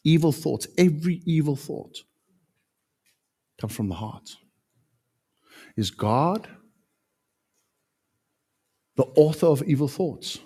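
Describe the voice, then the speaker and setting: Male pastor, emphatic sermon delivery, lively swinging intonation. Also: on the high side, husky. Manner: animated, emphatic preaching with sudden loud peaks.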